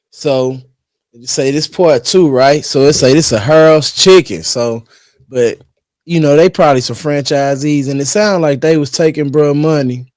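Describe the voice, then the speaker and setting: A man's voice: medium pitch, a little mellow, no echo. A man hosting a reaction video, giving slangy, laid-back commentary. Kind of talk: casual commentary.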